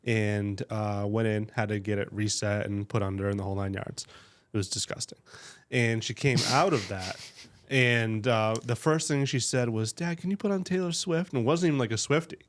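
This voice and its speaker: A man's voice: fairly low pitch, fairly even intonation, normal speed, slight background noise. A man in his forties hosting a casual podcast, upbeat and joking. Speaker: podcast host.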